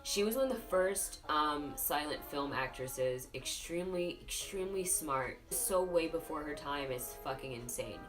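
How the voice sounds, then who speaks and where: Low-voiced tipsy woman telling film gossip. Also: expressive, moderate pace, few pauses. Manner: profane, rambling, gossipy storytelling. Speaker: host. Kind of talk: tipsy casual film review. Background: music playing.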